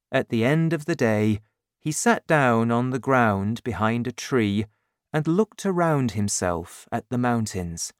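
A narrator reading a storybook aloud at an unhurried pace with clear, expressive phrasing. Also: mid-range voice, no echo, studio quality.

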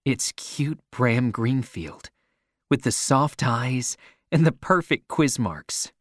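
A man narrates a first-person story in a slow, unhurried reading. His pitch moves expressively, and the emotion is clear in his voice. The recording is dry and close. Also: lively intonation, no echo.

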